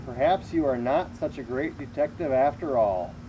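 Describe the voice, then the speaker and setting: A man's voice: mid-range voice, expressive, normal speed, muffled recording, noisy background, natural voice. A man voicing a fretful, doubtful king while reading a children's picture book aloud. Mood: worried.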